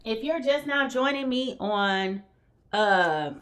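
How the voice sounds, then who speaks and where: Bright-voiced woman doing a chatty tarot reading. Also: on the high side, expressive, slow pace, smooth. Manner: chatty, keeps checking in with "okay?"; talks straight to viewers, greets them by name. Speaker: tarot reader host. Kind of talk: live tarot reading to viewers.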